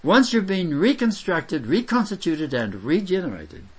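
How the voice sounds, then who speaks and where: Man preaching with emphatic delivery, voice rising and falling in a lively way, loud exclamations set against soft asides. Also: a little high, a little slow, husky. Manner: reads scripture aloud and expounds it. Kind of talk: sermon.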